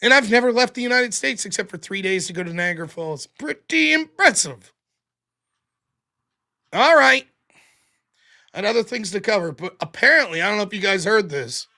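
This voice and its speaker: A man hosting a live stream, reading viewer messages aloud with sarcastic, animated commentary. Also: high-pitched, fast talker, hardly any pauses. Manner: sarcastic and animated, mocking repetition. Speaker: livestream host.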